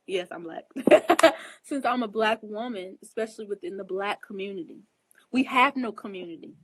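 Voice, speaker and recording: A slightly high, somewhat bright voice with a breathy edge comes through a rough recording. She's an astrologer giving advice in a casual monologue to her viewers, addressing them directly, earnest, emphatic, and preachy, openly emotional and often asking if they understand.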